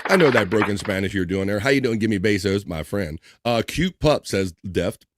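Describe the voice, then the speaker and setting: A man hosting a casual livestream, reading out viewer comments with loose, joking shout-outs and easy laughs. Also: fairly low pitch, expressive, moderate pace, no echo, studio quality. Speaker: livestream host.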